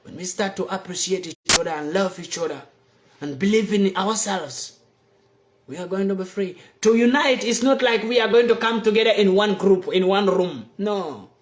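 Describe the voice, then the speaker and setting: A man's voice: high voice, reverberant. A man from Africa giving a seated, impassioned monologue to the camera, emphatic and repetitive. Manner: emphatic and repetitive, preaching slowly. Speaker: video blogger. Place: seated indoors.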